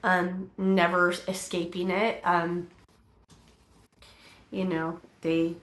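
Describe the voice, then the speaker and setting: A middle-aged woman telling her personal testimony in an interview, halting, with many fillers and restarts. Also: lowish voice, level tone, fairly bright tone, echoey room.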